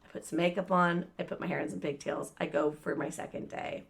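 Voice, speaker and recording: Speaking a little fast with vocal fry and a fairly low pitch, a podcast co-host recounts a long story in casual chat. She swears a lot, stays animated throughout and imitates the voices of the people in the tale.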